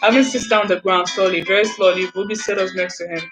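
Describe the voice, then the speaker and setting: A woman's voice: medium pitch, fairly even intonation, quick pace, rough recording. A woman reading a children's novel aloud, enthusiastic, often stumbling and restarting lines. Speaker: reader. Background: background music.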